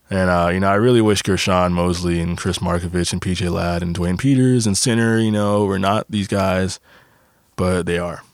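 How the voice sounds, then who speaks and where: A young man hosts his podcast in a casual, rambling monologue, swearing freely and circling back through fillers. His voice sits low with a gravelly fry. The sound is dry and close, with no room around it. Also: fairly even intonation, moderate pace, dry recording. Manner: rambling, profane, frequent fillers. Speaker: podcast host.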